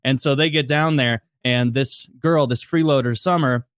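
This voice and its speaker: A man telling a story in casual podcast chat, animated and profane, laughing as he goes. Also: medium pitch, normal speed, no room sound, clean studio sound. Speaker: podcast host.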